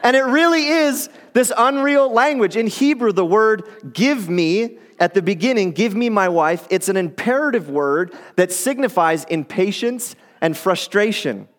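Male pastor, high-pitched, casual animated sermon delivery, in a reverberant church hall. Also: unhurried, few pauses. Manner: conversational, animated storytelling with acted quotes.

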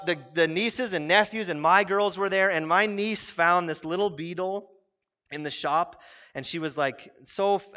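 A man in his thirties preaching a sermon as pastor, telling stories with quick voiced asides. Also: high voice, pushed and bright, clear, resonant tone. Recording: muffled sound in a reverberant hall.

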